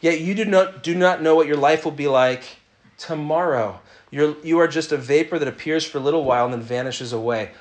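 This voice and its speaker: A man's voice: fairly high pitch, brisk. Joking, conversational man preaching. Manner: conversational, jokes with the audience, asks for raised hands. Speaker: pastor. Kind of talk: sermon.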